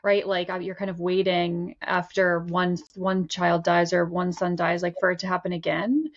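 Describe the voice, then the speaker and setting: A woman's voice: fairly low pitch, completely flat delivery, normal speed, highs cut off. A woman co-hosting a podcast as a mental health clinician, musing tentatively with many fillers. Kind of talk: casual podcast discussion.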